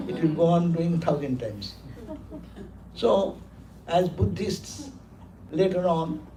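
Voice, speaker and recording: A man's voice: fairly high pitch, mellow. Emphatic male monk preaching in a hall. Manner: emphatic, repeats words, laughs while telling stories. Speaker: monk giving a talk. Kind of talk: sermon. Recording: roomy hall, distant mic, faint noise.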